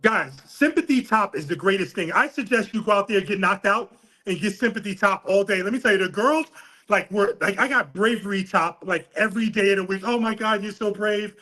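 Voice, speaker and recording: The audio is poor as a middle-aged boxing coach from New York City tells an animated, profane story with laughter in a casual interview. He speaks a little fast, with a high-pitched voice.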